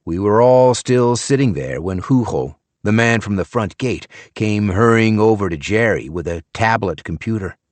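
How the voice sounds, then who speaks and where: Guy reading an audiobook, lowish voice that moves around a lot, measured and wry. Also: animated, dry recording. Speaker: audiobook narrator. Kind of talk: scripted narration.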